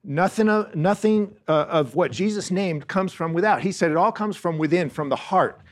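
A man preaching a Bible lesson, earnest, often repeating words and slowing down to stress key phrases. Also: high voice. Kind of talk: Bible teaching sermon.

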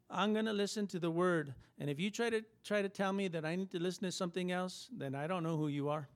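Guy preaching a sermon, kinda high voice, keeps hammering points w questions. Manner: emphatic, preaching with repeated phrases and rhetorical questions.

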